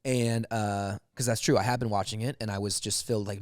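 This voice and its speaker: A man's voice: lowish voice, fairly even intonation, a little fast, no room sound, studio quality. A man co-hosting a comedy podcast, chatting casually and eagerly talking through joke premises. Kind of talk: casual chat.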